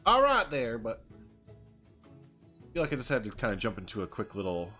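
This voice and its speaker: A man's voice: on the low side, expressive, normal speed, slightly rough, faint music behind. A man chatting casually on a live game stream, joking with viewers and laughing often.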